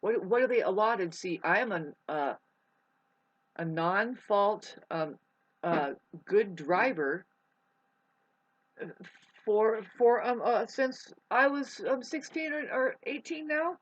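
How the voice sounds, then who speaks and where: A woman's voice: mid-range voice, lively intonation, slow pace, pauses often. A woman vlogger rambling in a casual monologue. She swears freely, restarts her sentences often and eats while she talks. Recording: muffled lo-fi recording.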